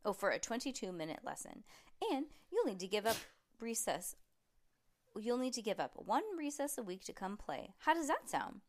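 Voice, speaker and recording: A cheerful, upbeat male music teacher who encourages the kids, voiced by a woman. He sounds bright and friendly in this storybook reading. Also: medium pitch, very animated, moderate pace, slight background noise. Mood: encouraging.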